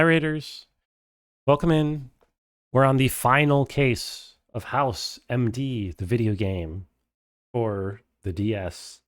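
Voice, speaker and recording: A man's voice: mid-range voice, no room sound, studio quality. A man streaming a first playthrough of a game, chatting casually with viewers and reading dialogue aloud.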